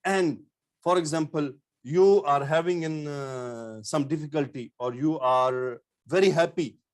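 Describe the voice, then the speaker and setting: Man teaching grammar, slightly high voice. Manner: explains step by step, repeating terms; halting with fillers and restarts. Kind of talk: online-style grammar lecture.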